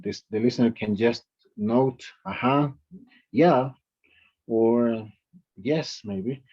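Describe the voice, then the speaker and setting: A man's voice: medium pitch, mellow, husky, dull audio. A man teaching an English grammar lesson to a class. He reads out example sentences and calls on students to answer.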